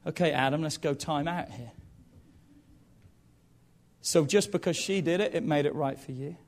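A man in his thirties delivering a sermon with a notably high voice. He talks directly to the congregation, breaking off for playful asides before pressing his point. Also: normal speed, pauses often. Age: 30s. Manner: lively, jokey asides to the congregation. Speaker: preacher.

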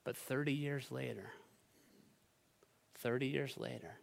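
A middle-aged male pastor with a medium-pitched voice tells a personal story from the pulpit. His delivery is animated and conversational, with a relaxed storytelling flow. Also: unhurried, gravelly. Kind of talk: sermon storytelling.

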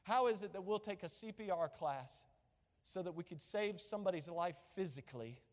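A male pastor with a drawl, preaching an impassioned sermon that swings between loud emphasis and hushed asides. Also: sits high, animated, normal speed, big-room sound.

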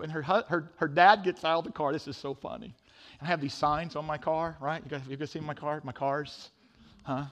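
A middle-aged man preaching a sermon, telling a funny story with animated swings from loud to hushed. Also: fairly high pitch, brisk. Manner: animated storytelling, sudden drops to a hush. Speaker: pastor.

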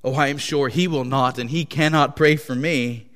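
A man's voice: medium pitch, fairly even intonation, normal speed, natural voice. A man voicing a cruel slave master who rages, then begs in terror, heard in a hall with a long echo. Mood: desperate. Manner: shouting threats, later groaning pleas.

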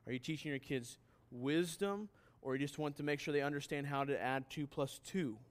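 A man's voice: fairly high pitch, normal speed. Emphatic man preaching a sermon. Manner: emphatic, questioning the listeners directly. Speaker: pastor.

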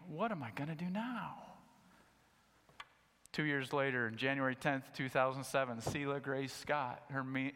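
A middle-aged man preaching a sermon, animated and acting out his own reactions in a raised voice. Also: medium pitch. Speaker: pastor. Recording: long hall reverb.

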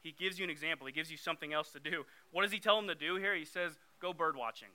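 A man's voice: on the high side, fast talker, hardly any pauses, sharp tone. A young man giving a conversational sermon, getting emphatic when he reads scripture aloud. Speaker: youth preacher.

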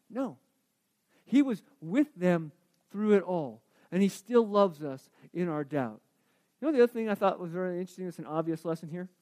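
A high-pitched man preaches a sermon, putting questions to the congregation and alternating between emphatic declarations and quiet reflection.

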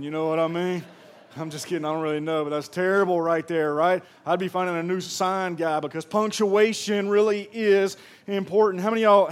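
A man from Mississippi with a Southern accent, a pastor preaching a sermon in a chatty, joking way and talking straight to the congregation. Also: high-pitched. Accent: Southern American. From Pearl, Mississippi. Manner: jokey, chatty, addresses the crowd directly.

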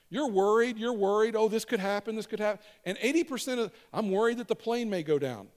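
A male pastor giving a conversational sermon and leading the congregation in call-and-response phrases. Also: sits high. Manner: conversational, repeats lines for the congregation to echo.

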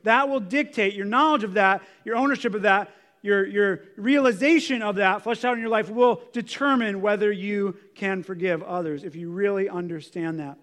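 High-voiced male pastor preaching. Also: moderate pace, a bit bright. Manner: conversational, explanatory, with frequent restarts and asides. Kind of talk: sermon.

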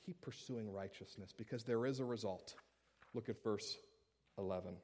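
A male pastor delivering a sermon in an animated, humorous, conversational way. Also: on the low side, moderate pace, breathy edge.

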